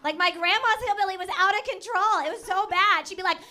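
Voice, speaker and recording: In a live club thick with loud laughter and room noise, a woman does a stand-up set, teasing the audience and laughing between bits. She talks fast, her voice extremely high-pitched.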